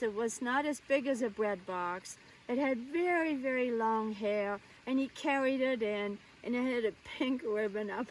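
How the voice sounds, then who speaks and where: Woman storyteller, wistful and animated; distant mic with faint background noise. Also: on the high side. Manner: wistful, animated, laughs as she recalls. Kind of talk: personal storytelling.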